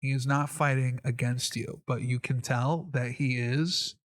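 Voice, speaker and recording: A man runs a tabletop game with lively, amused narration in a mid-pitched voice. He talks the way someone would in casual conversation. The sound is dry and close. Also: a little slow, dry recording. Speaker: game master.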